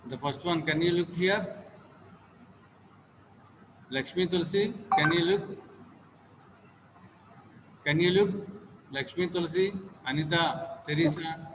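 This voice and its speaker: A man with an Indian English accent teaching a class on word stress, slow and repetitive, with many fillers. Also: a little high, noisy background. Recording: long hall reverb, faint ambience.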